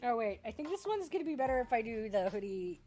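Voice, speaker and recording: A woman's voice: fairly high pitch, big pitch swings, quick pace, dark tone. A woman streamer chatting casually on a headset, bubbly and giggly. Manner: bubbly and giggly, self-deprecating. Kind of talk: casual live-stream chat.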